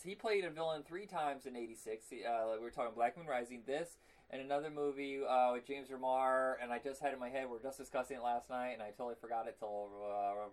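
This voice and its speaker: Chatty man, animated podcast co-host. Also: medium pitch, poor audio. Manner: animated, laughs easily, breaks into silly impressions. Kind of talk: casual chat.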